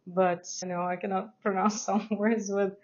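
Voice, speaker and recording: In a casual on-camera fragrance review, a non-native English-speaking woman talks in a chatty, hesitant manner with frequent laughter. Her mid-range voice is level, a little mellow, and moderately paced, captured with lo-fi sound.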